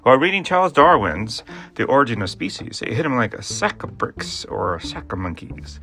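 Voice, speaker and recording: A man's voice: medium pitch, a little fast. A man telling a humorous historical story, with playful asides and jokes about his own mistakes. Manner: jokey asides, playful and animated.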